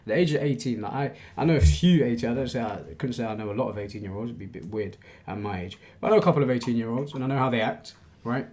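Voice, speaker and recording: A man's voice: mid-range voice, racing, hardly any pauses, darkish tone. A man co-hosting a podcast, prompting his friend with questions in a jokey, encouraging way. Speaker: podcast co-host. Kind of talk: casual chat, prompting questions.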